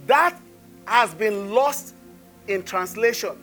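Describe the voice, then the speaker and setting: A man with a notably high voice delivers a sermon. He talks to his congregation in an easy, joking way, then turns to pointed rhetorical questions. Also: animated, unhurried, pauses often, bright, forceful tone, faint music behind. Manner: conversational and humorous, rhetorical questions. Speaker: pastor.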